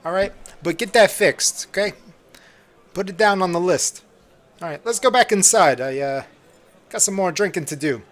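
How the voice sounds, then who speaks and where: A man's voice: high voice, normal speed, long pauses, a bit bright, pitched above the performer's own voice. A man voicing a brash male tavern boss who is out drinking and brushes off a mistake. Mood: brushing it off.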